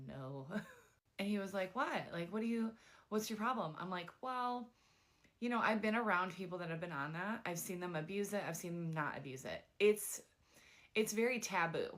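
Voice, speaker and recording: A young woman casually telling a dating story, chatty and animated, with lots of "like" fillers. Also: fairly low pitch.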